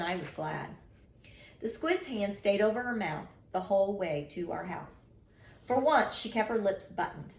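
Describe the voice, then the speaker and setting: A woman reading a children's chapter book aloud in an expressive first-person voice. Her pitch sits in the middle of the usual range. A roomy echo surrounds her. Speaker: storyteller.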